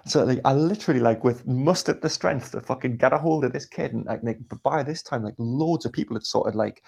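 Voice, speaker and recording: Gravelly man telling a story. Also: mid-range voice, a little fast. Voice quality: gravelly, husky. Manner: swears a lot, animated anecdote with acted quotes. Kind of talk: casual storytelling chat.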